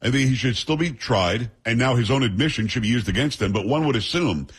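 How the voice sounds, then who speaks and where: A man hosting a talk radio show, giving brisk, opinionated commentary and teasing his co-hosts. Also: mid-range voice, lively intonation, husky.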